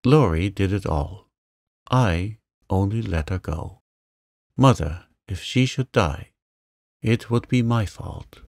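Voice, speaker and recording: A man voicing a remorseful, hot-tempered teenage girl who pleads tearfully, in a gentle storybook reading. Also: fairly low pitch, lively intonation, slow, creaky, no room sound, studio quality, full character voice.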